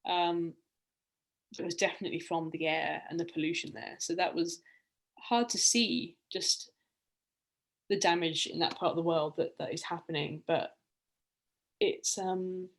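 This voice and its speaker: A woman's voice: lowish voice, a little slow, long pauses. A young woman, a guest on a podcast, chatting in a reflective, storytelling way with plenty of ums and restarts. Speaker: guest, round-the-world cyclist. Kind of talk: casual podcast conversation.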